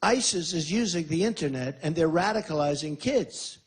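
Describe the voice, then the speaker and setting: A man in his sixties speaks to a rally crowd and answers their questions, leaning on repetition and boastful emphasis. His voice sits a touch high for a man and has a husky, slightly rough edge. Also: animated, moderate pace. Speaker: presidential candidate at a rally. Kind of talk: campaign Q&A speech.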